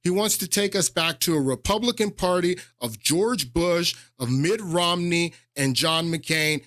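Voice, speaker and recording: A man's voice: a little high, a little slow, few pauses, fairly bright tone, no room sound, clean studio sound. A male podcast host giving casual political commentary, rambling with many fillers and restarts and leaning hard on his points.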